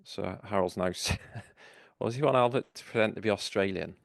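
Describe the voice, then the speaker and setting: A man's voice: lowish voice, fairly quick, creaky. A man, co-hosting a podcast in chatty casual conversation. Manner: chatty, sharing researched facts. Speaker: podcast co-host. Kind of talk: casual chat.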